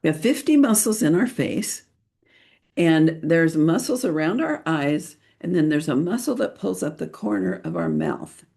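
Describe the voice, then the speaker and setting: Middle-aged woman host, low gravelly voice, takes her time, playful chatty tips with lots of ums. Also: big pitch swings, measured pace, mellow. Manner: chatty and playful, laughs often, frequent ums and restarts. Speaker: children's photographer and podcast host. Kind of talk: casual podcast talk, giving tips.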